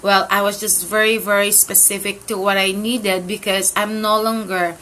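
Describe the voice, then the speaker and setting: A woman's voice: mid-range voice, little pitch movement, moderate pace, sharp tone, poor audio. A woman hosting her own talk channel, chatting casually and gratefully, with many fillers and restarts. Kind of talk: casual chat to camera.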